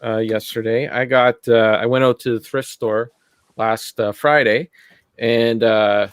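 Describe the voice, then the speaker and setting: Relaxed halting man, dry mic. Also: mid-range voice, clean tone, no room sound. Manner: relaxed, halting, many uhs. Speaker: co-host of a live collecting chat show. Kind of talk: casual chat.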